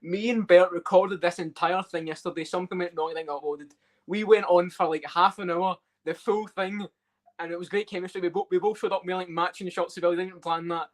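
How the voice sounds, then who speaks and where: Fast-talking male co-host, casual picks. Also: high-pitched, steady tone. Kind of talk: casual livestream chat.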